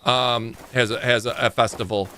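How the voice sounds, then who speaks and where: Man, bright forceful voice, rambling livestream chat, faint background hum. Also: medium pitch, steady tone, moderate pace. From Michigan. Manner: rambling, talks to chat while playing. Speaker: streamer. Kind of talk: casual livestream gaming chat.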